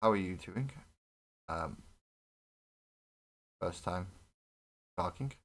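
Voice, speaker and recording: Deep-voiced man rambling on a live stream. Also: creaky, a bit bright. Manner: rambling, self-mocking, swears freely. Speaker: hobby streamer building a miniature. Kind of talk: casual live-stream chat while building. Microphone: desk webcam setup.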